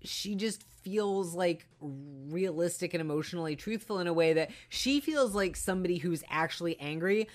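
A woman's voice: lowish voice, lively intonation, moderate pace, hardly any pauses. A woman co-hosting a podcast, giving her opinions on a movie in casual chat, with many fillers and restarts. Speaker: podcast co-host.

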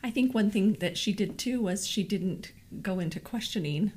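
A woman's voice: medium pitch, moderate pace, darkish tone, slight background noise. A woman co-hosting a casual talk on grief, speaking in an earnest, affirming, explanatory way. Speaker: co-host.

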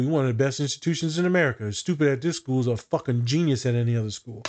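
A man's voice: mid-range voice, racing, a little mellow. A man who works as a therapist, hosting a podcast in a blunt, profane, storytelling way. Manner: blunt and profane, tells client stories. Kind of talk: casual podcast chat.

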